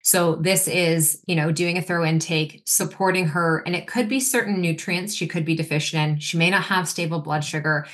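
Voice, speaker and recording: A woman in her forties, a nutritionist guest on a casual podcast interview, talking with energy and acting out what clients say. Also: on the low side. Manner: energetic, quick, acts out quotes of clients.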